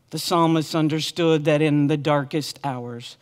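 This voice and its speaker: A woman's voice: deep voice, steady tone, measured pace, hardly any pauses. A woman pastor preaching a sermon with earnest, impassioned repetition. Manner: earnest, impassioned repeated lament.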